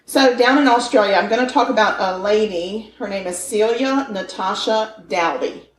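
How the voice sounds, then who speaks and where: A woman's voice: medium pitch, moderate pace. A woman in her fifties co-hosting a podcast, telling a true-crime story with playful, joking banter. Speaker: podcast co-host. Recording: echoey room with faint noise.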